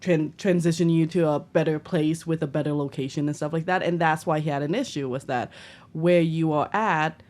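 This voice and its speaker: A woman with a somewhat low voice joins a casual podcast chat about a film. She is wry and keeps asking questions. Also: steady tone, normal speed, darkish tone. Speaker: podcast co-host. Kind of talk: casual movie-recap chat.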